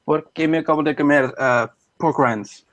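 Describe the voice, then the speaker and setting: A man's voice: a little high, moderate pace, a bit bright, muffled recording. A man in casual chat with friends, joking around and tossing in Spanish phrases.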